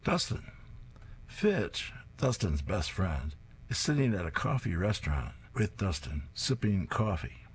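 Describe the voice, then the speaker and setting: A man reads comic strips aloud and describes each panel plainly. His voice sits very low, with a faint hum behind it. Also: very animated, a little slow. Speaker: reader.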